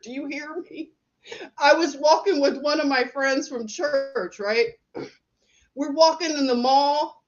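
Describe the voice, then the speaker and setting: A woman's voice: high-pitched, takes it slowly, dull audio. A middle-aged woman hosting a casual livestream, telling stories, laughing often and reading out viewer comments. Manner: chatty, laughs often, storytelling.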